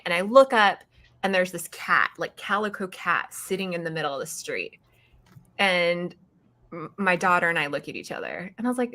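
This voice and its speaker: Expressive woman telling a story. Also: lowish voice, moderate pace. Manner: expressive storyteller who acts out her own quotes. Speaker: psychic guest. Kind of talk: casual chat.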